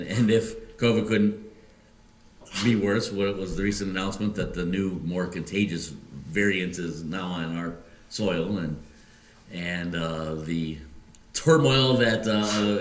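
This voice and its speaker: A Midwestern American man preaching a sermon as pastor, halting often with fillers and restarts. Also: low voice, fairly even intonation. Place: church sanctuary. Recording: echoey church room.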